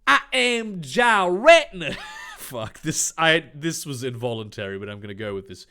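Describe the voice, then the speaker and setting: A man's voice: on the low side, expressive, normal speed, sharp tone. A man reading a fan fiction aloud in a comedic read-through, with sarcastic, mocking asides and frequent stumbles.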